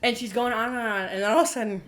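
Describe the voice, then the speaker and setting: A young woman co-hosts a comedy podcast, telling stories in casual chat, giggly, laughing often and using many filler words. Her voice is a little high and fairly bright, steady in tone, and very fast.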